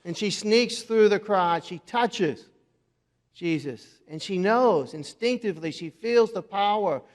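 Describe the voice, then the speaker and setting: Storytelling pastor in a reverberant church. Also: male voice, sits high, lively intonation. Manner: storytelling with dramatic pauses, dropping soft for quoted words. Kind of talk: sermon. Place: church sanctuary.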